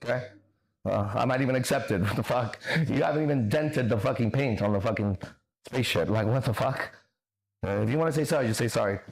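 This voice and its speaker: Brief: male stream host, mid-pitched, blunt and profane, lectures his critics. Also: fast talker, vocal fry. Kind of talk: livestream reading and answering chat comments.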